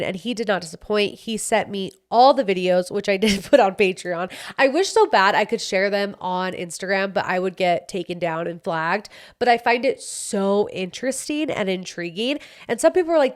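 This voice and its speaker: A young woman hosting a podcast, telling a personal story in a casual, animated way, acting out the dialogue and swearing freely. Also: medium pitch, moderate pace. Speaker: podcast host.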